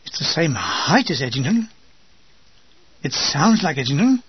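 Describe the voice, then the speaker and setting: A man's voice: fairly high pitch, big pitch swings, a little slow, slightly rough, dry recording. An older British man with a wry, dry comic manner, reading his war memoir aloud. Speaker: memoir narrator. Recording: dull, dry lo-fi recording.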